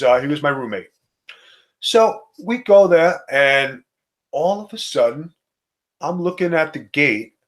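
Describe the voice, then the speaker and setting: New guy, middle-aged, rough swearing storyteller, higher voice, animated. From Staten Island, New York. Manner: animated, profane storyteller acting out quotes. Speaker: co-host, former wrestler. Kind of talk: casual storytelling chat.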